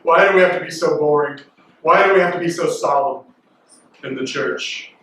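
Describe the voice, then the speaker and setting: A high-voiced man gives a playful youth sermon, joking and breaking into loud mimicry. He sounds far from the mic, and a big hall rings around him with a faint hiss behind. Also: moderate pace. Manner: animated and jokey, bursts into loud mimicking. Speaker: youth pastor. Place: large echoey worship hall. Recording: distant mic in reverberant hall.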